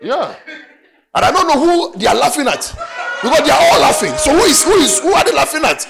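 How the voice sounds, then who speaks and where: A man with a Ghanaian English accent preaching a sermon to a congregation in a church, with an animated, sing-song delivery. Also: very high voice, fast talker, creaky, music in the background. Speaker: pastor.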